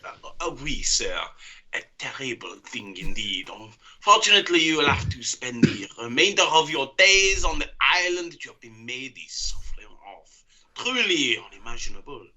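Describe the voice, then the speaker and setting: A nervous, bowing ship crewman, as a man reads the part live, drops in French words and slides his pitch up and down. He sounds apologetic and eager to please, in a live comedy script reading. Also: big pitch swings, normal speed, bright, forceful tone. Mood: fretful, apologetic. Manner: deferential, speaks with mock French words. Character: fretful male ship crew member.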